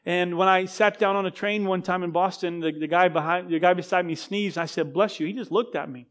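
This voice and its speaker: A man's voice: high voice, fairly even intonation, a little fast, fairly bright tone. A male pastor giving a conversational sermon in a church, with self-deprecating humor and frequent restarts. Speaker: guest pastor.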